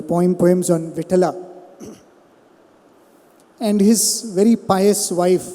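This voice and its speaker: A man gives a devotional storytelling talk, often turning to his listeners with questions. His voice is high and very mellow. A long hall reverb trails each phrase. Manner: storytelling, asks the audience questions. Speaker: spiritual speaker. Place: satsang hall.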